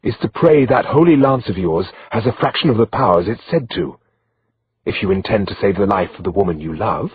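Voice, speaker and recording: A man reading the lines of a mysterious, grave hooded stranger, pitched a little above his own voice. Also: lively intonation, fairly quick, slightly rough, highs cut off.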